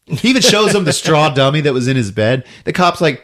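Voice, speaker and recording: A man hosting a podcast, recapping a movie scene by scene, jumping into quick character voices and laughing often. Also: on the high side, very animated, a bit bright. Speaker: podcast host.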